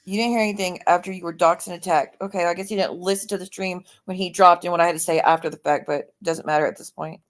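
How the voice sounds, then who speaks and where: A woman's voice: on the low side, steady tone, fast talker, hardly any pauses. A woman hosting a livestream, arguing defensively and swearing as her anger rises. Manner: defensive, swearing, rising to angry outbursts. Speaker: livestream host. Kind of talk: heated livestream argument.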